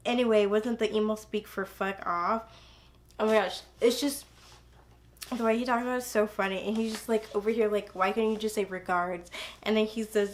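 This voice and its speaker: A woman's voice: medium pitch, fairly even intonation, normal speed. Gushing young woman reviewing a book. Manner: gushing, rambling with many fillers and restarts. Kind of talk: casual book review chat.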